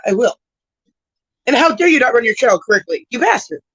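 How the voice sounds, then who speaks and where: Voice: medium pitch, very animated, racing, a bit bright, breathy edge, no echo. A livestream host in casual chat, rambling and swearing, often tagging sentences with "right?". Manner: rambling, profane, tags lines with "right?". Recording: dull lo-fi stream audio.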